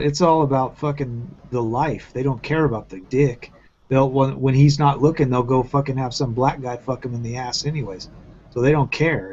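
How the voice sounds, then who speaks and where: A man's voice: medium pitch, darkish tone, husky. A man hosting a loose group chat over an online call talks bluntly and profanely, circling back on his own sentences. His voice sits mid-range. The call audio is muffled and lo-fi. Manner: blunt, profane, rambling with restarts. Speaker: round-table host. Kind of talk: crude casual group chat. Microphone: video call.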